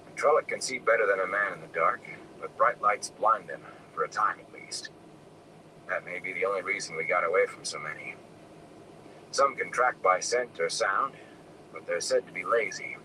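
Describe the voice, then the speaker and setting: A man voicing a wounded, gruff older farmer who speaks in low, weary, hushed tones. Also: lightly acted. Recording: distant mic with air conditioning noise.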